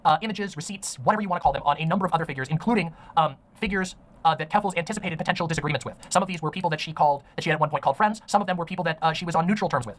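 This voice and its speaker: A man's voice: on the high side, rapid-fire, a bit bright. A man narrating a commentary video in an earnest, serious way, with many ums and uhs. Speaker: online commentator.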